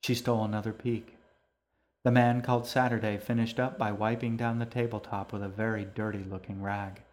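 Male storyteller, lowish voice, steady, calm narration. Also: a little fast. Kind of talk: audiobook narration.

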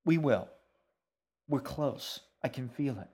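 A man's voice: mid-range voice, animated, slow, darkish tone, slightly rough, pitched above the performer's own voice. A man reading a story aloud, voicing a stubborn, protective boy who speaks firmly and matter-of-factly. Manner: firm, matter-of-fact.

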